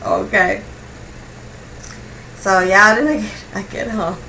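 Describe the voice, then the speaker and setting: Young woman vlogger, gravelly and bright, animated slangy storyteller, distant mic with faint hiss. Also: mid-range voice, slow. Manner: animated, slangy, swings between hushed and loud. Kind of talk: casual storytelling to camera.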